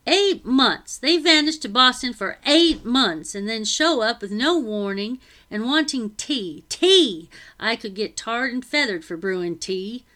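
Woman doing a scolding middle-aged housekeeper, brisk rough speech, bright loud tone, storybook audiobook. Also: medium pitch, animated.

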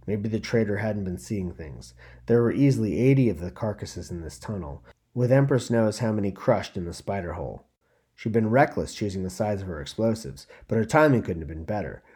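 A man hosting a podcast, reading a piece of fiction aloud in a steady, measured storybook narration. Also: on the low side, husky.

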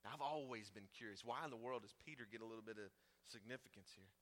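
Bright-voiced preaching man. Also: lowish voice, quick pace. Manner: conversational preaching, swings from loud to hushed. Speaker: pastor. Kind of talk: sermon. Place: church.

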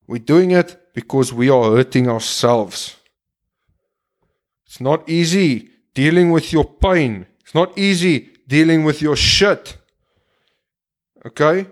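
A man with a slightly raised voice talks straight at his listeners in an impassioned monologue. He is blunt and preachy, and he swears constantly. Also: fairly high pitch. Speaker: podcast host.

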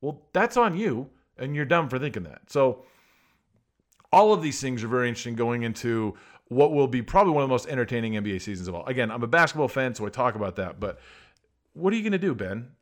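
A man's voice: medium pitch, expressive, quick pace. A man talking sports on his own, firing off sarcastic rhetorical questions as he argues his point. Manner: rants and argues. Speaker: sports commentator. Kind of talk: casual sports talk monologue.

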